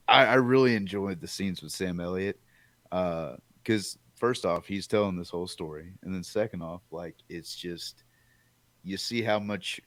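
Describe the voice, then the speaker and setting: Deep voiced podcast dude, chill and easygoing, dry close sound. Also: male voice, no room sound. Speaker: podcast co-host. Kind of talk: casual chat.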